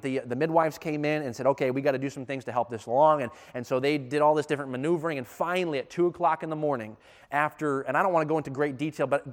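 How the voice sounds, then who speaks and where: Animated man preaching in a reverberant hall. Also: on the high side. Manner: animated, emphatic storytelling with rising intensity. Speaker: speaker. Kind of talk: sermon storytelling.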